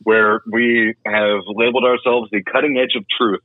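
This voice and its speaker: A man's voice: fairly low pitch, little pitch movement, normal speed, no room sound. A laid-back man chats casually as a podcast co-host. His voice comes through a narrow phone line. There is no room sound at all. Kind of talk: casual chat. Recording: tinny phone line, dry.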